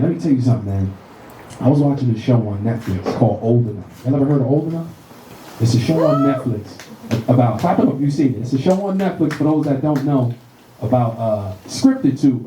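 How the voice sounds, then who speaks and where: A man in his thirties doing a profane, animated stand-up set in a comedy club, acting out voices as he tells stories. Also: medium pitch, a little hiss or hum. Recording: roomy club sound from a distant mic.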